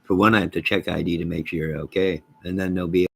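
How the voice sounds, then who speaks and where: A middle-aged man hosting a casual livestream, reading viewer comments aloud, rambling and joking deadpan with sudden loud outbursts. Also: fast talker. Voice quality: gravelly, husky low voice.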